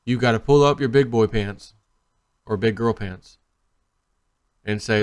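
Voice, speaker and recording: Rambling, animated man vlogging. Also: on the low side, a little slow, pauses often, smooth. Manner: rambling, animated storytelling with acted-out quotes. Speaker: crypto video host. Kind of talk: casual to-camera vlog talk.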